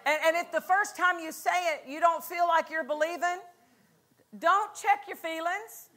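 A woman's voice: very high-pitched, fairly even intonation, moderate pace, bright, forceful tone. A woman pastor preaching a fervent sermon at a conference, repeating lines and calling out for an amen. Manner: fervent, repetitive, call-and-response. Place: church conference hall.

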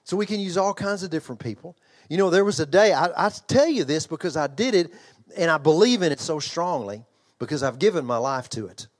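A slightly high, animated voice moves a little fast as this older pastor preaches. Also a children's ministry trainer, he speaks emphatically and conversationally, repeating phrases, restarting lines, and asking his listeners questions.

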